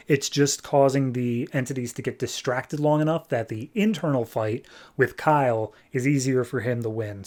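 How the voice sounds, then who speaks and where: Man, podcast host, casual comic recap, mid pitch, breezy. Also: darkish tone. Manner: breezy retelling, slips into quick character voices.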